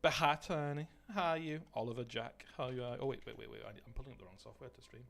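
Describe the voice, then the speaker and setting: A man's voice: mid-range voice, fast, gravelly, fairly bright tone. A man chatting casually to his live-stream audience while gaming, rambling, swearing and greeting viewers by name.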